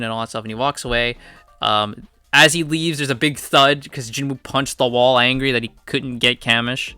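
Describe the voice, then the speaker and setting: A man recapping comic chapters in a casual, chatty way, with lots of fillers and quick asides. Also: medium pitch, pushed and bright, clear, resonant tone, no room sound, soft background music. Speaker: comic reviewer.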